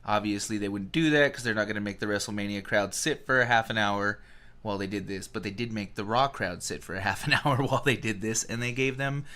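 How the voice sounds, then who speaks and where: A man co-hosting a podcast in casual chat, excitable and swearing freely, with mock rants. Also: on the low side, fast talker. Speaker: podcast co-host.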